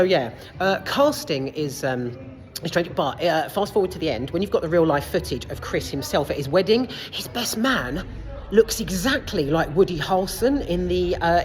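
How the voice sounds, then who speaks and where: Woman, casual film review, low voice, very lively pitch, rambling, swears. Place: cinema foyer.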